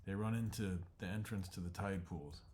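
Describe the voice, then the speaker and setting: A man narrating an animated storyboard pitch in terse present tense, shot by shot, dropping into voices. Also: moderate pace, a little hiss or hum. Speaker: storyboard artist.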